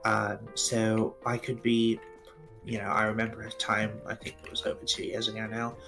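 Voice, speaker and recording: A man's voice: fairly low pitch, monotone, normal speed, over music. A man with a British accent, chatting casually and rambling a little on a gaming stream over voice chat. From Britain. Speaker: stream co-host. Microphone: home mic over voice chat.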